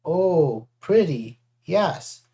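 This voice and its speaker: A reader voicing a simple-minded, gentle young male cyclops in an audiobook, speaking in short childlike phrases. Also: medium pitch, expressive, very slow. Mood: delighted. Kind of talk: audiobook character voice.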